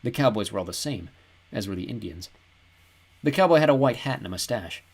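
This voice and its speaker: A man reading a novel aloud as an audiobook narrator, in an even, descriptive storytelling manner. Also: fairly low pitch, brisk, slightly rough. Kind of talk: scripted narration.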